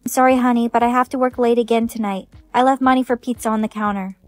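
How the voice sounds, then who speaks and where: A text-to-speech woman's voice reading a storytime script, voicing every role with even synthetic delivery. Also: a little high, quick pace, no echo, faint music behind.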